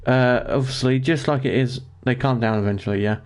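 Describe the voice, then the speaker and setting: A man's voice: medium pitch, fairly quick. A man streaming a survival game, chatting casually and swearing when things go wrong. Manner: excitable, swears, panicky outbursts. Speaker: gaming livestreamer. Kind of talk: casual gameplay commentary.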